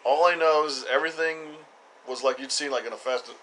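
A man co-hosting a podcast, recapping a TV episode in casual chat with dry, deadpan teasing. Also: mid-range voice, a little fast, a little hiss or hum, low-quality recording. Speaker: podcast co-host.

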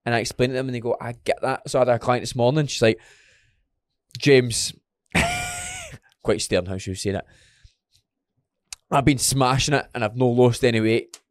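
Scottish male personal trainer, podcast co-host; blunt, anecdotal, mid pitch, dry and intimate recording. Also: wildly swooping pitch, normal speed, pauses often, dry recording. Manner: blunt, retells client talks with quoted voices. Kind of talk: casual podcast chat.

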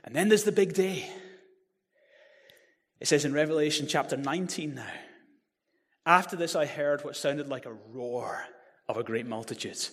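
A man preaching a sermon, animated and building to loud proclamations. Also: medium pitch. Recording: reverberant hall.

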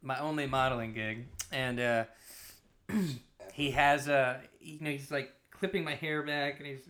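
A man's voice: mid-range voice, fairly even intonation, measured pace, pushed and bright. A man in his late twenties co-hosting a casual podcast chat, telling a rambling story with lots of fillers and swearing. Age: late 20s. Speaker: podcast co-host.

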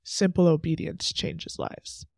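A young man in his twenties speaks to his podcast listeners about faith, earnest and openly emotional. His voice sits somewhat high for a man, with a rough, fry-laden edge, and he keeps slipping in casual "like" asides. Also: wildly swooping pitch, slow pace, a little mellow, no room sound, studio quality. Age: 20s. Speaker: podcast host.

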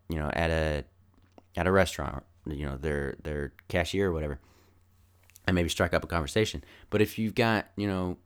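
A man's voice: deep voice, clean tone. A man casually recapping a film, rambling and thinking aloud as he goes. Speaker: film reviewer.

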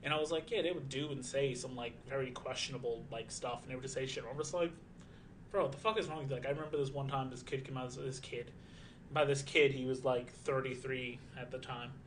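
A man's voice: mid-range voice, fairly even intonation, fairly quick. Young man, streamer, casual rambling chat, swears a lot, faint hiss behind. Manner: rambling, profane, lots of fillers.

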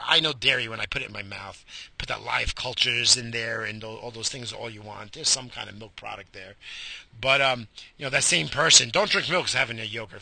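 A man's voice: mid-range voice, vocal fry, pushed and bright, slightly rough. A man in his forties ranting to himself in his car, swearing a lot and rambling from one gripe to the next. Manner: profane, rambling, talks to himself. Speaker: vlogger. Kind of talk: profane rant while driving. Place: inside a car.

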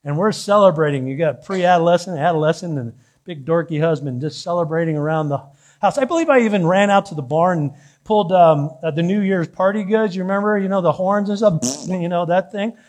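Male pastor, higher register; playful, self-mocking sermon storyteller speaking in church. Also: fairly quick. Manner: animated, joking personal storytelling with laughter.

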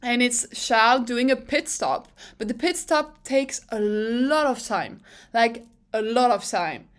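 A woman's voice: a little high, unhurried, clean tone. A young woman from France with a French accent, chatting casually and giggling as she recaps a race weekend, swearing freely and using lots of fillers. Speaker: vlog host.

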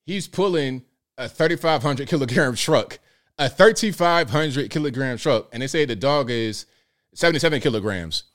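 A man's voice: medium pitch, expressive, moderate pace, fairly bright tone. A man hosting a live call-in stream in casual, joking commentary, slangy and talking straight to his viewers. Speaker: show host.

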